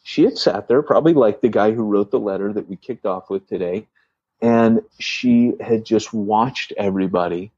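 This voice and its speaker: A man's voice: fairly low pitch, moderate pace, no echo, lo-fi sound. A man co-hosting a podcast, telling a story in casual chat with lots of restarts and acted-out dialogue. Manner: animated storyteller, frequent restarts, acts out quoted dialogue. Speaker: church planter podcast co-host.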